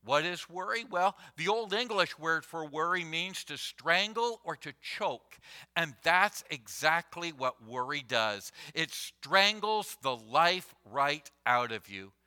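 Guy pastor preaching real slow, super bright voice, leans on repeats for emphasis. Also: on the high side, animated. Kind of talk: sermon.

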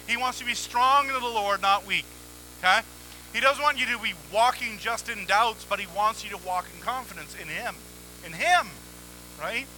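A man preaching a sermon in a conversational, energetic way, acting out little exchanges with God, at a church microphone. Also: sits high, brisk, slight background noise, low-quality recording. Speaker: pastor. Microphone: handheld or headset mic, volume cutting on and off.

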